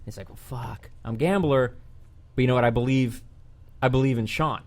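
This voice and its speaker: A man's voice: medium pitch, a little fast. Male podcast host, mid-range voice, swearing storyteller who acts out quotes. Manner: animated, profane retelling with voiced quotes.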